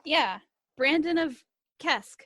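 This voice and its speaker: Higher-voiced woman tabletop player. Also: lively intonation, takes it slowly, sharp tone, no echo. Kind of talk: casual tabletop banter.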